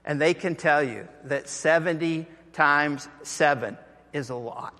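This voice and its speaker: Male pastor, bright voice, unhurried delivery; sermon in a big reverberant hall. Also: on the high side. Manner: animated storytelling, acting out quoted voices. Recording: echoey hall.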